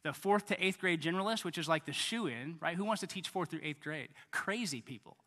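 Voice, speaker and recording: A man in his thirties preaching a sermon in a conversational way, often repeating words and swinging between loud and quiet. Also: a little high, lively intonation, fairly quick, big-room sound. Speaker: pastor.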